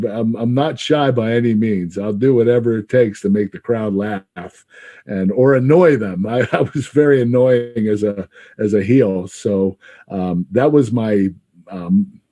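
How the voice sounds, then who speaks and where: A man in his fifties, a retired wrestler, answering interview questions with frequent laughs and halting fillers. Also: mid-range voice, mellow. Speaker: retired pro wrestler, guest.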